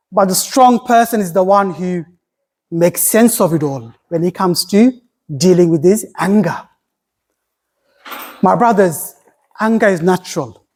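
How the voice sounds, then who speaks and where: A man's voice: sits high, a little mellow. Impassioned preacher man, repeating for emphasis. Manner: recites Arabic quickly. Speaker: imam giving Friday sermon. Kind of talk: sermon.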